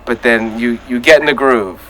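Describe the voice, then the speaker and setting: A man hosting a casual podcast chat, talking in an animated way and acting out his reactions. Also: medium pitch, normal speed, low-quality recording. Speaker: podcast host.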